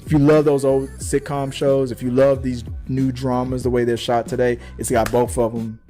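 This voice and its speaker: Excitable young man rambling casually. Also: medium pitch, normal speed, soft background music. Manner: excited, rambling with many restarts. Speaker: podcast panelist. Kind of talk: casual chat. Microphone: webcam.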